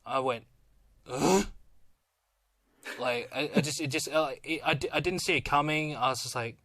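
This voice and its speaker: Man, higher voice, dry close sound, halting false starts, exclamatory podcast chat. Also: pushed and bright, no room sound. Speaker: podcast co-host. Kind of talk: casual film-review chat.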